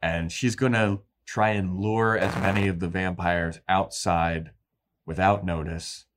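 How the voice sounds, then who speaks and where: Man, podcast co-host, casual recap, lowish voice, animated. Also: a little slow. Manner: animated storytelling, acts out quotes.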